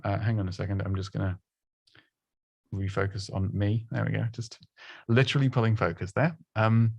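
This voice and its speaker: Male coach, low-pitched, chatty and self-deprecating, dry close recording. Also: flat delivery, moderate pace, gravelly, a little mellow, no echo. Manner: chatty, self-deprecating, lots of restarts and laughs. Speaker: presenting coach. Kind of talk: casual advice talk.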